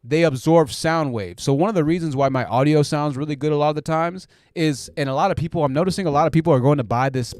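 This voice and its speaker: Speaking quickly with few pauses, a man with a slightly high, a little mellow voice hosts a casual live chat, reading viewer comments and rambling with lots of fillers. The sound is studio quality with no echo, from a dynamic podcast mic via a preamp in a home room where hung hoodies absorb sound.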